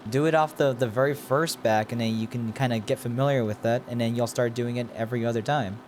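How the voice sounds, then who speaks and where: With a medium-pitched, slightly mellow voice, fairly even intonation and a quick pace, this man is recorded with a little hiss or hum. While playing a video game on stream, he thinks out loud in loose, rambling commentary and talks with the people watching.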